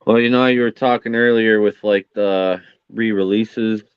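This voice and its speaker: A man's voice: fairly low pitch, fairly even intonation, normal speed, clear, resonant tone, no echo, lo-fi sound. A man showing a collectible in an understated way during a casual podcast chat.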